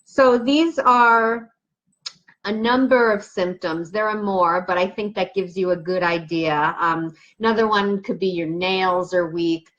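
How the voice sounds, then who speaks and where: A woman's voice: lowish voice, measured pace, fairly bright tone, muffled recording. A woman naturopathic doctor giving an explanatory health talk to camera, chatty and emphatic, working through questions from her notes.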